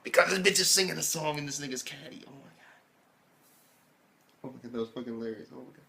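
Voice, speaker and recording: Excitable swearing man. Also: a little high, very fast, creaky. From United States. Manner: excitable, rambling, heavy swearing. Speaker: anime reviewer. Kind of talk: casual episode recap.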